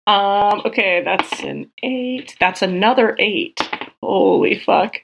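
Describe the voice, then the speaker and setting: A woman's voice: mid-range voice, vocal fry, muffled recording, noisy background. A woman playing a tabletop game, reading out her spell and tallying damage. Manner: brisk, swears while rolling dice. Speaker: player.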